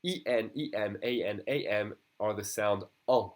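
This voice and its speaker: French guy teaching beginners, thick french accent, slightly low voice, says words over and over, patient. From France. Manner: patient, repeats words slowly for practice. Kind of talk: beginner language lesson.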